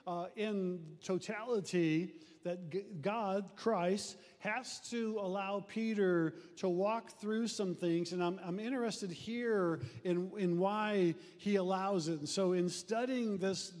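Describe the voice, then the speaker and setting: A middle-aged male pastor preaching a conversational sermon, animated and acting out church members. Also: high-pitched. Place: church sanctuary. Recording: long reverb of a church hall.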